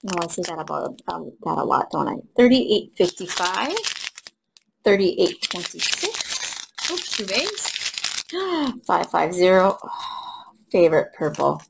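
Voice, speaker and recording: A woman vlogger chatting casually while unboxing crafts, reading drill numbers slowly and gushing softly over the colors. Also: lowish voice, very animated, gravelly, background noise. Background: crinkling bags and clicks.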